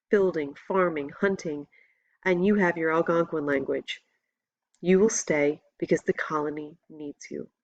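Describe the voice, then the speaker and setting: A woman voicing a gravely wounded older male captain, speaking in a slow, measured, solemn way in an audiobook reading. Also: deep voice, no echo, muffled recording.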